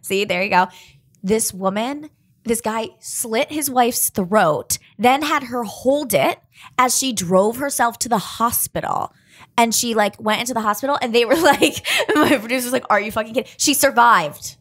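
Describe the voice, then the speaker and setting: Chatty storyteller woman, bit high. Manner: animated storyteller, quick back-and-forth. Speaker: guest. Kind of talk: casual chat.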